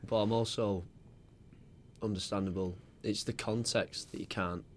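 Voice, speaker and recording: A man's voice: fairly low pitch, fairly even intonation, moderate pace. A young English man co-hosting a podcast, chatting loosely and agreeably with his friends. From England. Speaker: podcast co-host. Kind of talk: casual chat.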